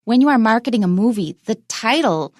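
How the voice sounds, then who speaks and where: A woman teaching English pronunciation on a radio lesson, explaining clearly and switching between English and Mandarin. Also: on the high side, expressive, brisk, darkish tone, dry recording, clean studio sound.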